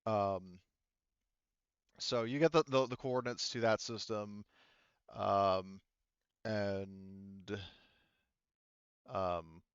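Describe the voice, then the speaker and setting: A man's voice: fairly low pitch, steady tone, very slow, pauses often, smooth, dry recording. A man running a tabletop game as game master, explaining things in a rambling way with many fillers. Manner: rambling, lots of fillers and restarts. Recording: dull lo-fi online call audio.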